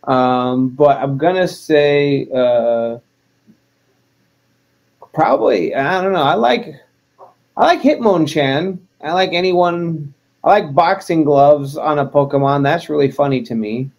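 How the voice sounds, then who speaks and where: A man's voice: on the high side, takes it slowly, muffled recording. A man, a wrestler as interview guest, chatting casually in a joking, self-deprecating way.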